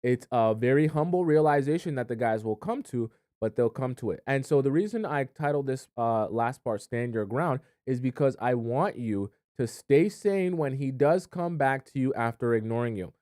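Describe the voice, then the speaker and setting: A man's voice: mid-range voice, expressive, normal speed, hardly any pauses, a little mellow, no room sound, clean studio sound. A man coaching women on dating in a conversational advice monologue, checking in with the listener often. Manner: conversational, keeps checking in with "okay?" and "right?". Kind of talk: direct-to-camera advice monologue.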